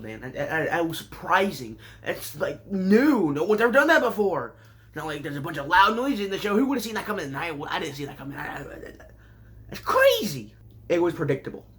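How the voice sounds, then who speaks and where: A man recapping an anime season in a sarcastic, rambling way, with sudden jumps in pitch. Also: sing-song, a little fast, a bit bright. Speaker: anime reviewer.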